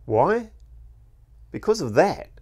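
A man's voice: a little high, very animated, takes it slowly, darkish tone, slightly rough, pitched above the performer's own voice, full character voice. A man voicing a curious, earnest young boy who asks lots of questions, as a storybook narrator. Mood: eager. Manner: eager, questioning, a little cheeky.

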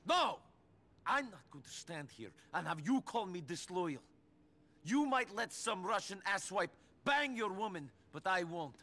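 An actor playing a hardened, blunt ex-soldier in a video game, speaking in a cold, determined manner. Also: male voice, high-pitched, sing-song, measured pace, sharp tone, full character voice. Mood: defiant. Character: hardened Eastern European male ex-soldier, grim and blunt. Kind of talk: video game cutscene acting.

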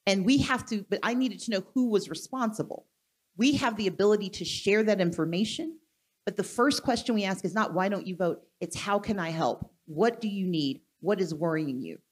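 A woman from Mississippi, a guest speaker in a live onstage conversation, talking in a forceful, deliberate, rallying way. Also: medium pitch, lively intonation, husky.

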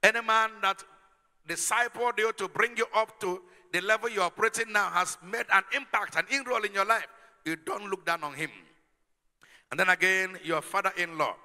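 Emphatic preacher in a reverberant hall. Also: male voice, high-pitched, moderate pace, pushed and bright. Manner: emphatic preaching with rhetorical questions to the congregation. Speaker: pastor. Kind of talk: sermon.

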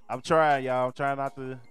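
A hoarse male streamer ranting about a football game and repeating his complaints in exasperation. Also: medium pitch, a bit bright. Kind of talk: sports rant.

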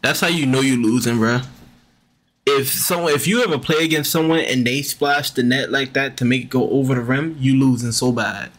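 A man's voice: medium pitch, moderate pace, fairly bright tone, slight background noise. A man hosting a reaction video, giving casual commentary with a teasing, mocking manner and a lot of repetition. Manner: teasing, mocking, repeats himself.

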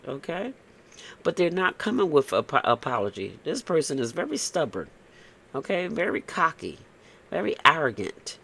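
A man's voice: fairly high pitch, vocal fry, a bit bright. A man giving a casual, blunt tarot reading, tagging "okay?" onto his points and cursing freely. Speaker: tarot reader.

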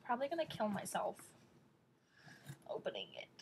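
A woman opening a package for her vlog, gushing and excitable, often squealing. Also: on the high side, moderate pace, background noise. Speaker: vlogger.

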